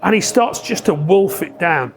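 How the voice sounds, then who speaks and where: A man spins an anecdote in relaxed podcast chat, his voice sitting notably high for a man. He acts out scenes, laughs often and swears freely. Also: moderate pace, soft background music. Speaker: podcast guest telling stories. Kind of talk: casual chat.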